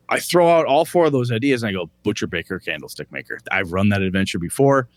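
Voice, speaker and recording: A middle-aged man co-hosting a podcast, chatting casually in an animated way and swearing freely as he tells stories. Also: mid-range voice, fairly quick, no room sound. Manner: animated, profane, storytelling. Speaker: podcast co-host. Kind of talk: casual chat.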